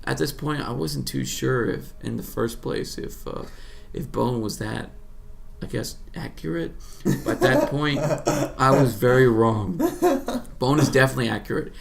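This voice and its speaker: A man's voice: mid-range voice, moderate pace, vocal fry, a crowd in the background. A man co-hosting a podcast, recapping a film in loose, profane, laughing chat. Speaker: podcast co-host.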